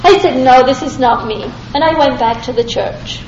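A middle-aged woman and former minister giving a lively personal testimony to an audience, acting out both sides of her conversations. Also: sits high, moderate pace, a little hiss or hum. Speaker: former Christian minister telling her story. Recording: echoey hall, dull lo-fi sound.

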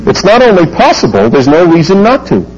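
A man's voice: high voice, huge pitch swings, brisk, lo-fi sound, background noise. A man giving an emphatic talk to a live audience, full of rhetorical questions. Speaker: speaker lecturing an audience.

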